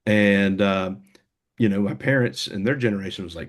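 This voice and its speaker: Low-voiced man, rambling casual talk. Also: normal speed. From United States. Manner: rambling, many fillers and restarts. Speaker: band member, guest. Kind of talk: casual interview conversation.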